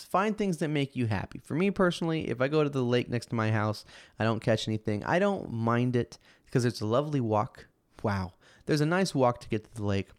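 A man's voice: medium pitch, dry recording. Rambling young man, dry close sound. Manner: rambling and self-amused, many fillers. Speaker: podcast host. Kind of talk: casual solo storytelling.

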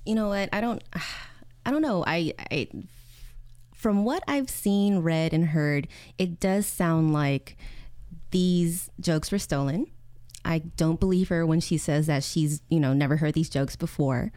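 A woman co-hosting a podcast, speaking in a measured way and laughing often. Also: sits low, mellow, dry recording. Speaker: podcast co-host. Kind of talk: casual chat.

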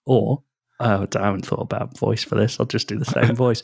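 A man hosting a comedy podcast, talking quickly and playfully and laughing often. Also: fairly low pitch, steady tone, vocal fry, a little mellow, breathy edge. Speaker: podcast host.

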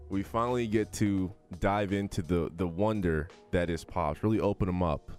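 A man with a very deep voice, co-hosting a podcast while hungover. He talks in an easygoing, teasing way. Soft music sits faintly under his voice. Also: moderate pace. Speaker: podcast co-host. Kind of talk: casual podcast banter.

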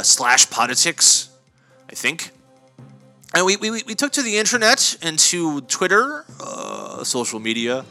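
A man hosting a comedy podcast, delivering a deadpan, mock-pompous monologue that rambles with many fillers and self-corrections. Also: fairly high pitch. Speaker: podcast host.

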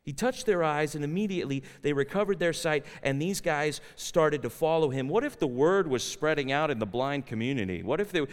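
A man's voice: fairly high pitch, moderate pace, hardly any pauses, clear, resonant tone. A man preaching a sermon in a university chapel, earnest and asking the listeners direct questions. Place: large chapel. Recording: long hall reverb in a chapel.

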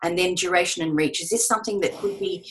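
A woman's voice: lowish voice, fast talker. A woman answering questions on a video call, giving frank, conversational advice to voice actors. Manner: frank, conversational, restarts often. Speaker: voice-over panel host. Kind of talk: webinar Q&A advice.

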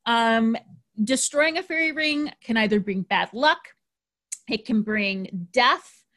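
A woman's voice: a little high, takes it slowly, a bit bright. A woman hosting a podcast, chatting casually and cheerfully about folklore, with frequent ums and likes. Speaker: podcast host.

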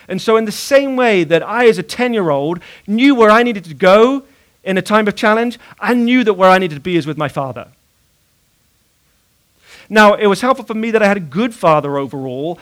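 A middle-aged man delivers a sermon in a relaxed, talky way, with plenty of fillers and questions for the congregation. His voice sits high for a man. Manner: conversational preaching with fillers and audience prompts. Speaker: pastor.

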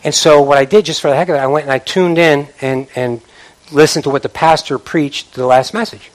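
A man preaches a sermon in a notably high voice. He is animated and repeats words for emphasis, and he now and then mimics the empty chatter he warns about. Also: fairly quick. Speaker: pastor.

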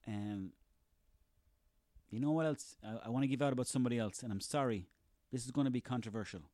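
A man's voice: medium pitch, quick pace, mellow, no echo, clean studio sound. Profane Irish man ranting. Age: 30s. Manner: profane, sarcastic, ranting, rambling. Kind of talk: comic rant monologue.

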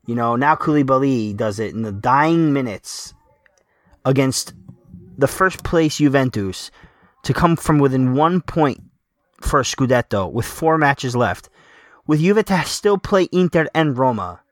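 A man talks football on a podcast, getting emotional and tripping over his words as he restarts sentences. His voice sits at a middle pitch and the recording sounds close and dry, with no room around it. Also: expressive, no echo. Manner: emotional, halting, many restarts. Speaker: podcast co-host, Napoli fan. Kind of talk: casual football podcast chat.

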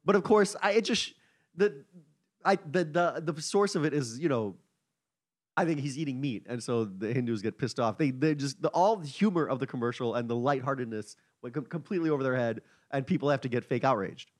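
A man co-hosting a casual podcast panel chat, wry and irreverent, often halting with fillers. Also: medium pitch, lively intonation. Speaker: podcast co-host.

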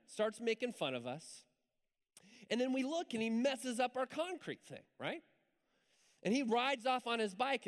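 A man preaching a sermon in church, telling a story in a lively, conversational way with asides to the congregation. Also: high-pitched. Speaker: pastor. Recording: hall reverb.

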